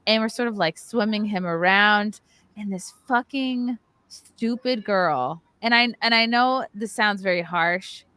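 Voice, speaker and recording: A woman's voice: medium pitch, unhurried, pushed and bright, clean tone, dry recording. A woman hosting a podcast, telling a story in casual chat with plenty of swearing and mocking put-on voices. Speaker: podcast host.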